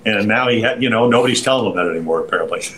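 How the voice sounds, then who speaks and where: An older man, a former pitcher and broadcaster, telling long anecdotes with restarts and quoted voices in an interview. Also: racing, a bit bright, slight background noise, low-quality recording. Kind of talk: storytelling interview.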